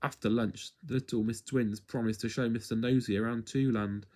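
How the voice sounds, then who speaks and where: A man reading a children's story aloud at home in an expressive, playful way. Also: mid-range voice, moderate pace.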